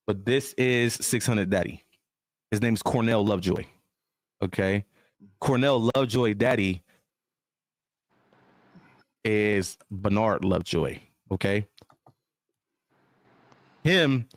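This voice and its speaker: Low-voiced man explaining in a clip. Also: unhurried, pauses often, no room sound. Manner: matter-of-fact, explaining. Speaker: news show narrator. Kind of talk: online news commentary.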